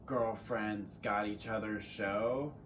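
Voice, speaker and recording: A man's voice: fairly low pitch, fairly even intonation, takes it slowly, far from the mic, background noise. A teenage man co-hosting a casual Q&A chat, rambling and joking with some swearing. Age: teens. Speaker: co-host.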